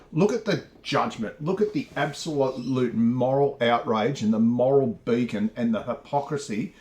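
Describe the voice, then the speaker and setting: A man, mocking and ranting over news clips in casual commentary. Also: medium pitch. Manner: scornful, mocking, repetitive restarts.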